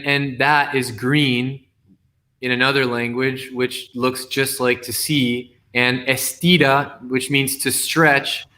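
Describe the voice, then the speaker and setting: A man, a guest poet in a casual call, explaining his wordplay carefully and reading slowly. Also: mid-range voice, pushed and bright. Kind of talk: casual video-call conversation.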